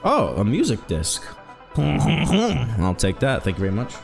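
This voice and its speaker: A man streaming a video game, chatting casually and rambling, with sudden loud exclamations when something excites him. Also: medium pitch, measured pace, creaky, music in the background. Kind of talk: casual let's-play chat.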